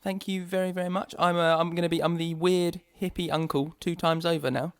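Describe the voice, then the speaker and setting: A young man from England co-hosts a casual podcast in a playful, joking way, laughing often and restarting his sentences. His voice sits a little high, and the recording is dry and close. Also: level tone, brisk, clean tone, no room sound. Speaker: podcast co-host.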